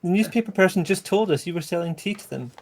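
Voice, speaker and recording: A man takes his turn as a player in a tabletop horror game, with a slightly high voice. He rambles and restarts his sentences as he thinks out loud. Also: expressive, fast. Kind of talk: casual tabletop play.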